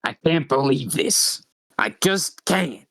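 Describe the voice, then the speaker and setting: Man doing a raspy weary alien lady leader. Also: fairly high pitch, expressive, takes it slowly, a bit bright, dry recording, clean studio sound, full character voice.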